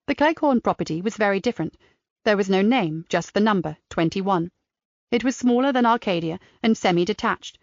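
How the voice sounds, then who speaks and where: A woman's voice: mid-range voice, no echo. Woman reading a crime audiobook. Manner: measured, descriptive. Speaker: audiobook narrator. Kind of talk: scripted narration. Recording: dry, slightly dull studio sound.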